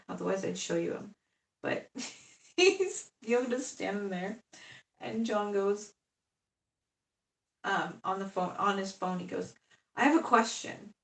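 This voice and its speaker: Brief: rambling woman in her fifties live-streaming her crafts, gravelly voice, echoey room. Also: fairly low pitch. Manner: rambling, chatty, laughs often. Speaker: doll artist live-streaming. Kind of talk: casual live stream chat. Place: home room. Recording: echoey room, far from the mic.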